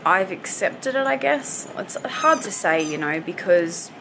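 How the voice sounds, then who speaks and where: A woman's voice: medium pitch, expressive, measured pace, gravelly, sharp tone, slight background noise, poor audio. A woman in her twenties giving a candid, hesitant update on her recovery from home, with lots of "you know" fillers while she is still on crutches. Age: 20s. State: recovering from hip surgery, on crutches. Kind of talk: casual personal update. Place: at home with pets nearby.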